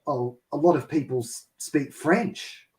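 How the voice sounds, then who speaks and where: A man's voice: on the high side, unhurried, recorded from a distance, low-quality recording. A man from Australia chatting casually on a live stream, hesitant, with many fillers and restarts. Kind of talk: casual chat.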